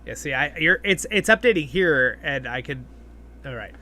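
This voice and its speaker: Reading viewer comments aloud on his live stream, this male host chats casually and rambles, full of fillers and restarts. He speaks at normal speed in a fairly high, expressive voice that's bright and forceful.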